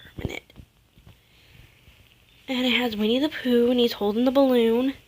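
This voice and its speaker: A woman's voice: fairly high pitch, steady tone, normal speed, darkish tone, low-quality recording. A young woman vlogging casually from home in a rambling, chatty way, sometimes dropping to a near-whisper. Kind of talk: casual chat. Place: home, indoors. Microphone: camera mic.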